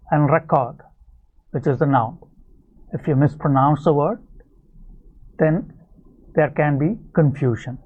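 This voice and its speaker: A man teaching an English video lesson, explaining clearly and speaking straight to his viewers. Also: a little high. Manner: explanatory, addresses viewers directly. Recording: tinny phone-like sound.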